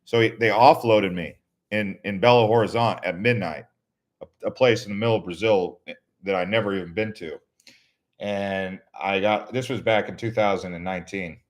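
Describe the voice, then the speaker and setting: Fairly low in pitch and speaking at normal speed, a U.S. Navy veteran in adulthood takes questions from viewers on his casual live stream. His travel tales ramble, and he restarts often.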